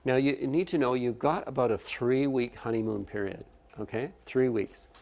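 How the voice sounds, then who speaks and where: A teacher trainer gives an explanatory workshop lecture, often checking in with "okay?" and frequently restarting and correcting himself. His mid-range voice is creaky and a little mellow, at a moderate pace.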